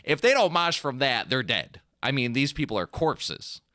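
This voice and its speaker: A man's voice: medium pitch, moderate pace. A young man on a podcast, chatting casually and rambling as a band singer, with lots of "like" and mouth-made riff sounds. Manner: rambling and animated, full of "like", mimics riffs with "bum" and "dun" sounds. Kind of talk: casual chat.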